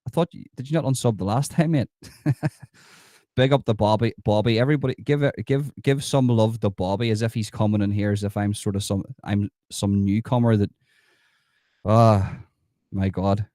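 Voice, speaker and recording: A man's voice: on the low side, normal speed, warm tone, no room sound, studio quality. An Irish man hosting a livestream, talking emphatically to his viewers and reading out the chat, with plenty of repetition. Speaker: livestream host.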